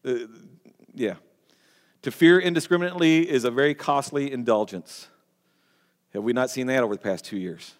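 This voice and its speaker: A man's voice: medium pitch, moderate pace, long pauses. A man preaching a sermon as pastor, earnest and emphatic, often restarting words and phrases. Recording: long hall reverb.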